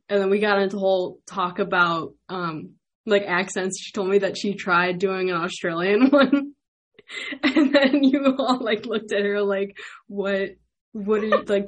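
A young woman hosting a podcast, chatting in a bubbly, rambling way and laughing often. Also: medium pitch. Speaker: podcast host. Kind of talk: casual interview chat.

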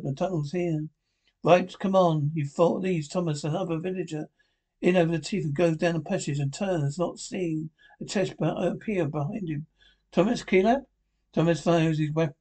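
A man reading a drama script aloud, naming each speaker and reading the stage directions in a flat, halting way. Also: a little high.

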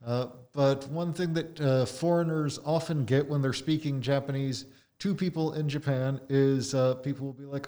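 A man's voice: medium pitch, fairly even intonation, moderate pace, mellow. An American man with a Midwestern accent, talking casually as a podcast guest. He is dry and self-deprecating. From United States. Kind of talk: casual chat.

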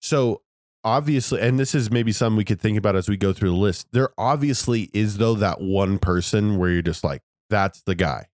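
A man's voice: on the low side, moderate pace, darkish tone, no echo, studio quality. A young man co-hosting a podcast, chatting in a laid-back, reflective way. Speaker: podcast co-host. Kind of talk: casual chat.

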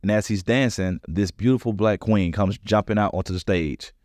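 A man's voice: lowish voice, normal speed, no echo, clean studio sound. A man, a comedian, telling stories in a casual interview, acting out the voices of people in them. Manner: animated storyteller, acts out other people's lines. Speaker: comedian guest.

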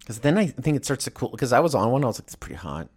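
A man's voice: mid-range voice, very fast, breathy edge. A man ranting casually and comedically, rambling and swearing as he tells stories. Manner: rambling, profane, animated storytelling.

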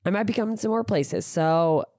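A woman's voice: mid-range voice, brisk, warm tone, no echo, clean studio sound. A woman hosting her own podcast, chatting casually and rambling through plugs and tour dates, self-deprecating and swearing freely. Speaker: podcast host and stand-up comedian. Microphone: studio microphone.

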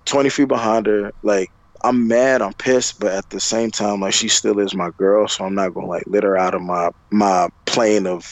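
A man's voice: steady tone, normal speed, dry recording, rough recording. A young man telling a dating story in a casual, profane, rambling podcast chat, full of fillers and restarts. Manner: acts out his own heated replies in a higher voice.

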